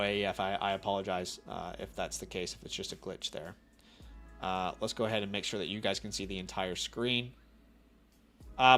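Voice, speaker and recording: A man with a cold hosting a casual live stream, chatty and animated, often asking his viewers questions directly. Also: medium pitch. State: has a cold. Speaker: fantasy football live-stream host.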